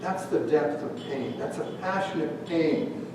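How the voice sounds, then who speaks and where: Unhurried and on the high side, this pastor from Canada preaches in a church sanctuary. Storytelling runs through his sermon, along with questions for the congregation. Recorded from far away in a reverberant hall, there's a faint hum.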